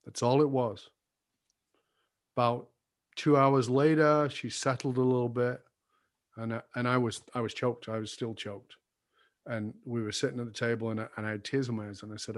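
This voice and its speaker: An older man, a guest, sharing a personal story in an earnest, confessional way, his voice going soft and low at tender moments. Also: steady tone, a little fast. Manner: earnest, confessional, drops soft and low when recalling apologies.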